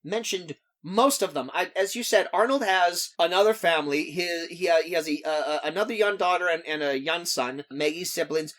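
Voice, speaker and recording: A man's voice: fairly high pitch, normal speed, hardly any pauses, fairly bright tone. A man co-hosting a podcast, recapping a film with wry, sarcastic asides. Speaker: podcast co-host. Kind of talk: casual film review chat.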